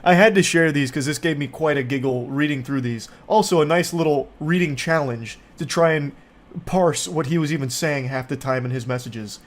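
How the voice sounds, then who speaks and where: A man's voice: a little high, normal speed. Sarcastic, swearing male commentator. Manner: sarcastic, incredulous, swears freely. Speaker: online commentator. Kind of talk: comedic commentary reading text messages.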